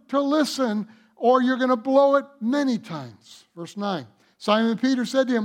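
High-voiced preacher swinging loud to hushed. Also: male voice, normal speed, few pauses. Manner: acts out scripture dialogue with animated voices. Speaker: pastor. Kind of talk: sermon.

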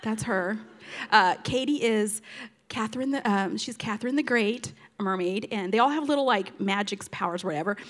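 An older woman, a grandmother, telling family stories in a casual, animated way, often laughing and slipping into playful quoted voices. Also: medium pitch, moderate pace. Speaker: storyteller grandmother. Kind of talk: casual storytelling to an audience.

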